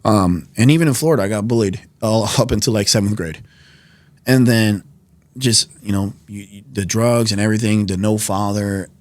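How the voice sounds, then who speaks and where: A young man in his twenties, from New York, telling his story as a podcast guest in a fairly low voice. He talks casually, with many fillers, and acts out what people said to him. The sound is dry and close. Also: moderate pace, no room sound. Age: 20s. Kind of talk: personal testimony in casual conversation. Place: podcast studio.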